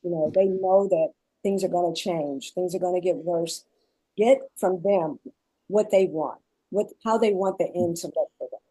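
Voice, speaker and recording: A woman guest on a panel, explaining her caregiving experience in earnest, measured phrases. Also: fairly low pitch, mellow, breathy edge, no echo, rough recording. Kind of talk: panel discussion.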